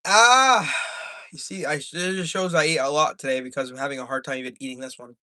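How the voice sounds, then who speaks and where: A man's voice: on the high side, a little fast, bright, forceful tone, dry recording, clean studio sound. A young man chatting casually on a live stream, rambling and joking as he reads the chat aloud.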